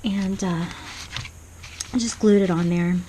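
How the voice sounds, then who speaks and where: A woman casually showing a handmade journal page by page, rambling softly with many pauses and restarts at her home desk. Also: mid-range voice, steady tone, slight background noise, low-quality recording. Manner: rambling and soft-spoken, many ums and restarts. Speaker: craft vlogger. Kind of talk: casual show-and-tell flip-through.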